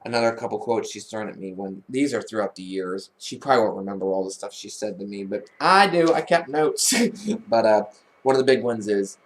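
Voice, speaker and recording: A man's voice: fairly low pitch, a little fast. Rambling man telling a family story. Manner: rambling, with many restarts and false starts. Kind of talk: casual personal storytelling.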